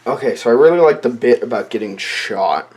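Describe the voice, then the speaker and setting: This comedy vlogger, a young man, fools around recording a silly rap, flipping from mock singing into rambling side comments. His medium-pitched voice is animated and a little fast, darkish in tone with a breathy edge.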